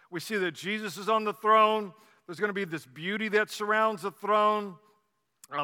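A male pastor preaching a sermon with animated storytelling and conversational asides, in a church hall. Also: high-pitched, clear, resonant tone.

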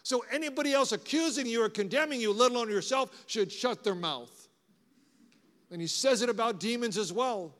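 A man preaches in a high, lifted voice, animated and conversational. He keeps throwing rhetorical questions at the listeners. His words trail off into the long reverb of a large hall. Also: normal speed. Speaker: pastor. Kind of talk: sermon.

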